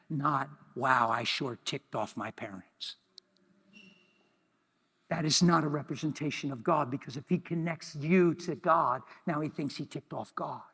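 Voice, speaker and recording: A man preaching a sermon in a church, talking in an animated way, swinging from loud exclamations to hushed near-whispers. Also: a little high, creaky, breathy edge. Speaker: pastor. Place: church hall. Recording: reverberant church hall.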